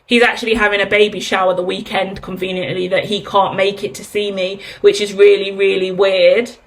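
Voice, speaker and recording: Briskly and in a level, medium-pitched tone, a woman in her thirties does a chatty tarot reading. She speaks candidly, poses rhetorical questions to herself and curses freely throughout the monologue.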